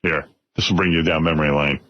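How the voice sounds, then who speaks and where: A male radio host with a low voice leads teasing banter in a casual tone. The sound is muffled lo-fi broadcast audio with faint hiss. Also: fairly even intonation, fast talker.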